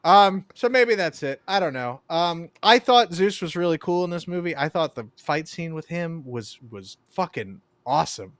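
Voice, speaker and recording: A man's voice: fairly high pitch, lively intonation, normal speed, few pauses, no echo. A man co-hosting a casual movie review chat, joking as he recaps the plot. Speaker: podcast co-host.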